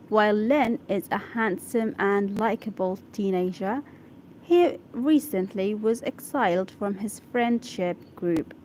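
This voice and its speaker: Slow, halting woman reading aloud. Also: mid-range voice, a little mellow, slight background noise. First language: Arabic. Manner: halting, sounds out and repeats hard words; stops to check her own pronunciation. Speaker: English learner reading aloud. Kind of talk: reading an article aloud for practice.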